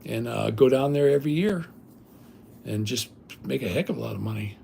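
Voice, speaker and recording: A man's voice: medium pitch, lively intonation, fairly quick, vocal fry, dark tone, a little hiss or hum. An older man hosting a livestream, telling rambling stories in a blunt, casual way with salty language. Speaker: livestream host.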